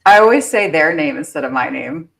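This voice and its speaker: A woman with a fairly low voice chats over a video call. She's brash and joking as she rallies her team between calls, casual and blunt. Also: lively intonation, brisk, gravelly. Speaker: real estate agent hosting a prospecting session.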